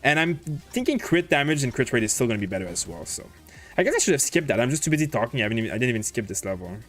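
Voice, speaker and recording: A man's voice: mid-range voice, sing-song, very fast, a bit bright, soft background music. A man hosting a casual gaming livestream, thinking aloud as he plays and answering chat questions with plenty of fillers. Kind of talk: casual livestream commentary while playing.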